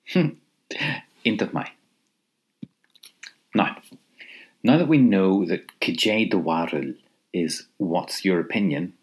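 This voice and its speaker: A man with a low voice and lively intonation teaches a recorded language lesson, patiently repeating phrases and pausing so the listener can answer. Now and then he gives a light chuckle.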